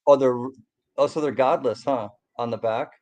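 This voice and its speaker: Male co-host, mid-pitched, easygoing, stop-start phrasing. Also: darkish tone. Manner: halting, repeats words, easygoing. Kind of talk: casual chat about coin collecting.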